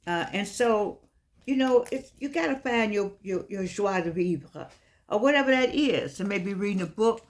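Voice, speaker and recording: A woman's voice: medium pitch, lively intonation, moderate pace. A woman vlogging in a casual, meandering monologue that often circles back and repeats itself. Some of her words come out slightly slurred because of missing teeth. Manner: chatty, meandering, repeats herself.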